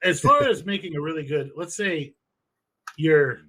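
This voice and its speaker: A man with a slightly raised pitch co-hosts a casual podcast. He rambles through instructions, swearing for emphasis and correcting himself as he goes. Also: expressive, a little slow, bright, forceful tone. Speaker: podcast co-host. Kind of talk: casual profane chat.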